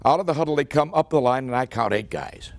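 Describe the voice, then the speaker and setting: Lively older man telling a funny story. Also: medium pitch, quick pace, dry recording. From United States. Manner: folksy, punchy delivery with acted-out dialogue. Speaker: after-dinner speaker. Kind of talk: humorous storytelling speech. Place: club meeting hall.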